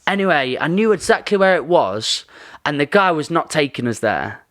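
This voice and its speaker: Male podcast guest, higher pitch, animated storyteller who acts out the dialogue. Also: normal speed. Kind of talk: casual podcast chat.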